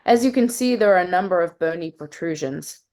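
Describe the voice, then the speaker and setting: A woman reading the lines of a calm male obstetrician in a measured, neutral clinical way. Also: fairly low pitch, natural voice. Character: calm male obstetrician giving careful news.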